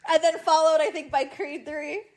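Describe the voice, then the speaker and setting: A woman in her thirties telling stories in a casual podcast chat, animated and laughing often. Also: high voice, moderate pace. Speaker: podcast guest.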